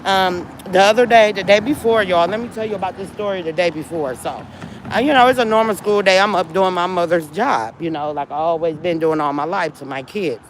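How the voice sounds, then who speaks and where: A woman's voice: fairly low pitch, fairly quick, a little hiss or hum, low-quality recording. A woman telling a long personal story to her viewers in a casual venting style, upset and worn down, often repeating herself and speaking to them directly. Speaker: vlogger talking to viewers.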